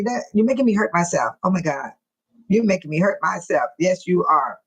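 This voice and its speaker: A woman with a husky, slightly breathy voice chats loosely on a live stream. She laughs often, teases her viewers and greets them by name. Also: fairly low pitch, fairly quick, poor audio. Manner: laughs often, teasing and excitable. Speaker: livestream host reading viewer comments. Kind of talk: casual live-stream chat.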